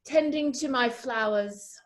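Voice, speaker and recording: A woman's voice: fairly high pitch, takes it slowly. A woman improvising a comedy scene over a video call, sassy and folksy. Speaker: improv performer.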